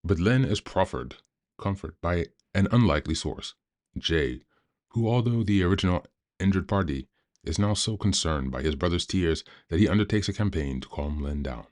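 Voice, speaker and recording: Brief: male podcast host, extremely low bass voice, calm measured book reading.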